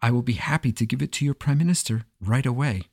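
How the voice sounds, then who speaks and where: A man doing a calm, courteous sage. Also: medium pitch, no room sound, clean studio sound, lightly acted. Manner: polite, measured, deferential. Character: wise, calm male Jewish sage and healer.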